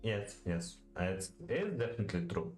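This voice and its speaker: A man with a Russian accent reads poetry lesson notes aloud and thinks aloud, halting often with fillers and repeating words to practice saying them. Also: sits low, very animated, a little mellow, echoey room, soft background music. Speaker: language learner studying poetry. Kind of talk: reading aloud and thinking aloud while studying.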